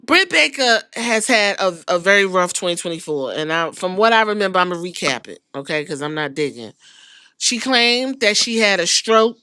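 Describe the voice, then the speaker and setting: A woman hosting a podcast, ranting in casual commentary with an incredulous, profane, animated manner. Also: mid-range voice, normal speed, clear, resonant tone, no room sound, clean studio sound. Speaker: podcast host.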